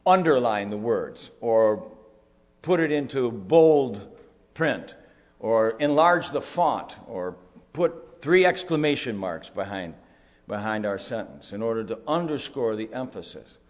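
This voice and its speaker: A male pastor preaching a sermon at a conference, explaining scripture deliberately and building to emphatic rises. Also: mid-range voice. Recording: long hall reverb.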